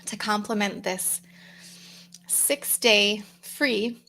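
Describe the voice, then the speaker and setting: Woman, livestream host, upbeat and chatty, welcoming viewers by name, mid-pitched voice. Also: very slow, creaky, slight background noise. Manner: relaxed, chewing mints between words. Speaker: host and coach running a live challenge. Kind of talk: casual livestream chat, greeting commenters. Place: home room with a fan, livestream.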